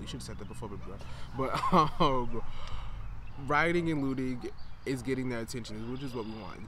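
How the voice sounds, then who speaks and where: A man's voice: medium pitch, noisy background. A young man from Wisconsin talking straight to camera in a casual vlog, blunt and impassioned. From Wisconsin, USA. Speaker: vlogger.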